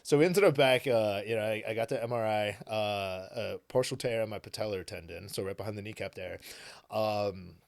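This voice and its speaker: A man with a somewhat low voice tells a story as a guest in casual podcast chat. He talks in an animated way, swears freely and fills his sentences with "like" and "you know." The sound is close and dry. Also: normal speed, creaky, no echo.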